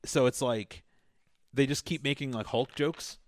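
A man's voice: mid-range voice, a little slow, no echo, clean studio sound. A young man co-hosting a casual podcast, swearing freely and retelling movie scenes with energy. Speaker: podcast co-host. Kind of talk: casual chat.

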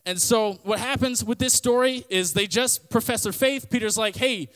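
A man's voice: extremely high pitch, moderate pace, a bit bright, long reverb tail. A male podcast host giving a casual Bible teaching, telling stories and retelling scripture in everyday slang. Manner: conversational, storytelling, paraphrases scripture in everyday slang.

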